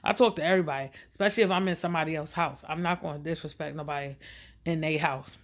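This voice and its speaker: A woman telling a personal story in a loose, chatty way. Her voice sits a little low, and she jumps into the voices of the people she quotes. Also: fast.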